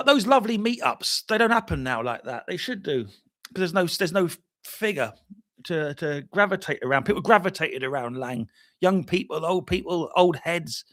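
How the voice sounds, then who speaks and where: A jet-lagged man hosting a casual livestream chat, telling stories in an animated way, trailing off and restarting often. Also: fairly high pitch, no echo, clean studio sound. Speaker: livestream host.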